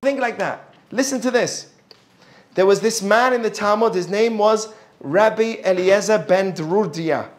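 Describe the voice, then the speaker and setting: A man with a notably high voice gives a Torah lesson, telling a Talmud story in a lively way. He keeps asking his listeners questions and stops to explain Hebrew words. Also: unhurried. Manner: drops into Hebrew terms and explains them. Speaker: religious teacher.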